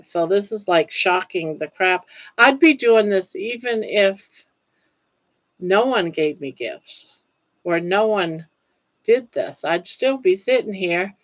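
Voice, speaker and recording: An older woman hosts a relaxed livestream, reading comments aloud and chatting back at an unhurried pace. She laughs easily and sounds openly moved. Her voice is close and dry, with no room sound. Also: mid-range voice, no echo, dull audio. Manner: chatty, laughs often, emotional and touched. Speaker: livestream host.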